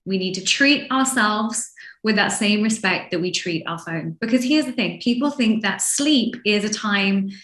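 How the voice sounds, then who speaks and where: A woman from London with an English accent, a sleep expert guest who talks in an animated way and acts out people's reactions. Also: mid-range voice, moderate pace, roomy sound. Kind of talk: lively interview chat.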